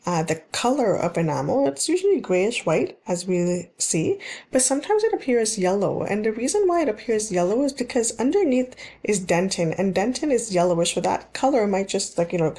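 A woman's voice: medium pitch, dark tone. A woman teaching dental hygiene in a recorded slide lecture, explaining in plain terms and repeating key points, with frequent ums and restarts.

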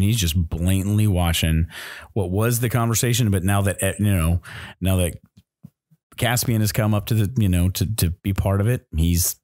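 A man's voice: low voice, darkish tone, no room sound, clean studio sound. A man narrating as game master in a tabletop game, explaining rules and describing scenes with frequent restarts.

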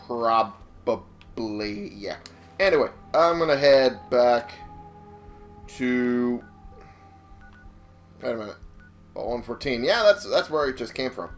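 Slow-talking young man narrating gameplay. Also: mid-range voice. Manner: rambling and swearing, with frequent laughs. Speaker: let's-play gamer. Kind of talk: casual gameplay commentary. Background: game music.

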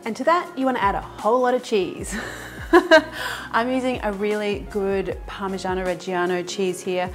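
A woman's voice: mid-range voice, moderate pace, faint music behind. Chatty woman hosting a cooking demo. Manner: chatty and enthusiastic, talks straight to viewers; laughs easily. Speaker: cooking show host. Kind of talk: cooking demonstration.

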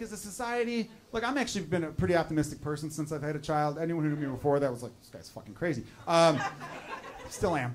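A man in his thirties from Chicago doing stand-up crowd work in a comedy club, riffing and swearing in an animated way. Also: high voice. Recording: live club audience laughter. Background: crowd laughing.

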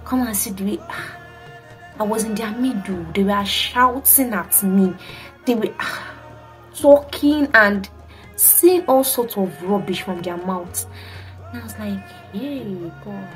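Young teacher lady telling a wild story on her vlog, loud exclamations, faint music behind. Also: medium pitch, measured pace. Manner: animated and dramatic, acting out quotes with many exclamations. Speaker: teacher and vlogger.

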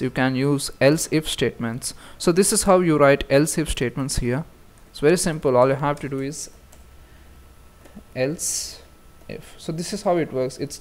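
A man's voice: mid-range voice, clean tone. A man giving a casual screen-recorded coding tutorial, talking through each step with frequent fillers and restarts. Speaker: programming tutor.

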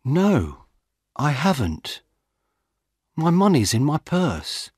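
A man voicing an old woman who has lost her purse, speaking slowly in a raised voice. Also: a little high, wildly swooping pitch, darkish tone, breathy edge, dry recording, studio quality, voice pushed up, heavily acted. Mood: worried. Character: old woman, flustered robbery victim.

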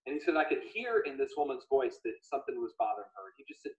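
A man hosting a casual livestream chat, animated and retelling stories in quoted voices. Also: medium pitch, quick pace. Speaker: livestream host. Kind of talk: casual video call chat. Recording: echoey room, dull lo-fi audio.

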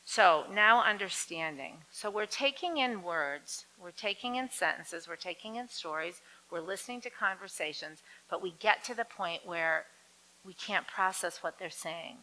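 A woman lecturing an audience on dementia care, lively and acting out quoted voices. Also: moderate pace, rough recording. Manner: lively, acts out quoted voices with big swings in pitch.

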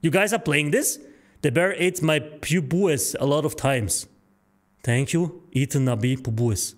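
A man's voice: a little high, unhurried. A male streamer reacting to a horror game, crude and panicky, swearing and yelping at every scare.

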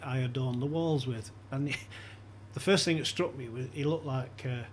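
On a podcast, a guest shares a lively anecdote in casual conversation, voicing the quoted lines and laughing along the way. His voice is medium-pitched at a moderate pace, with a little hiss or hum in the audio.

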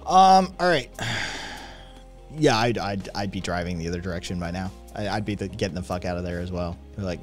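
A man's voice: sits low, expressive, fairly quick, faint music behind. A man streaming live, chatting casually with viewers in a rambling, sarcastic way, with lots of swearing and filler words.

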